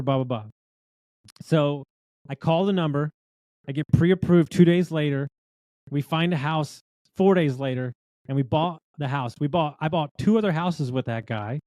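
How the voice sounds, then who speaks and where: A man telling lively restaurant stories in a casual chat, acting out what other people said. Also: a little high, normal speed, dry recording. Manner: animated storyteller, acts out quotes of others.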